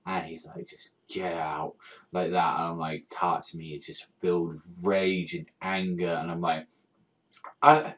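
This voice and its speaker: A man vlogging his reaction to a manga chapter, rambling through fillers, swearing constantly and bursting into shouts. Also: deep voice, flat delivery, moderate pace, recorded from a distance, rough recording. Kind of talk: excited reaction rant.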